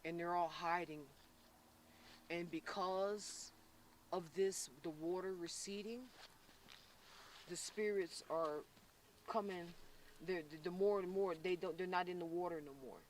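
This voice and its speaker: A man from Florida working as a psychic medium on an outdoor paranormal investigation, talking intensely and haltingly with many restarts. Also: high voice, fairly even intonation, distant mic, a little hiss or hum. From Florida, USA. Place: outdoors by a reservoir.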